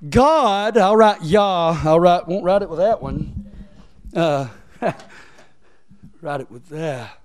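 A man's voice: fairly high pitch, slow, pauses often, darkish tone, a little hiss or hum. A man preaching a sermon, repeating phrases and rising into emphatic, near-sung lines.

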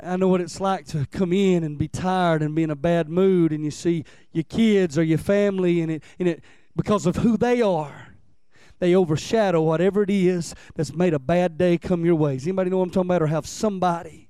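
A man's voice: high voice, fairly even intonation, a little fast, mellow, smooth. A man preaches with fervor, stacking repeated phrases and leading the congregation in call-and-response. The sound is dry and close, with no room echo. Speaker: pastor. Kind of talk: sermon.

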